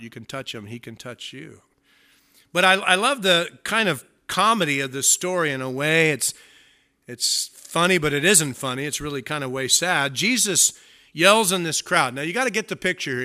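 Sharp-voiced man preaching a folksy sermon. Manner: conversational, folksy storytelling; swings from loud emphasis to hushed, low delivery. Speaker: pastor.

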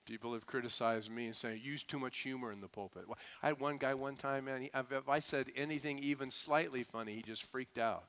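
A male pastor preaching a sermon in a casual, humorous way, laughing often, slipping into slang, and slowing down to stress scripture. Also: mid-range voice, a bit bright, clean tone. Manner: slows and stresses key words when reading scripture.

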